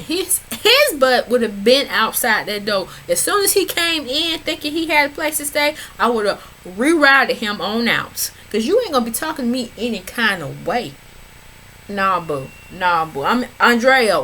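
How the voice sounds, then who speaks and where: A woman's voice: fairly high pitch, big pitch swings, moderate pace, sharp tone, a little hiss or hum, poor audio. A woman recapping a reality show in casual, sassy commentary, talking back at the screen and chatting to her viewers. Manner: chatty, addresses viewers as y'all. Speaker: reality TV reviewer.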